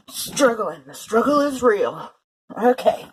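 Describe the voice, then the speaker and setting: A woman chats through a thrift haul in a loose, rambling way, full of fillers and quick self-corrections. She is recorded indoors at her sewing table on a home camera. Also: medium pitch, a little hiss or hum, rough recording. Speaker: vlogger showing a thrift haul. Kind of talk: casual haul vlog chat. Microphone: handheld or table camera.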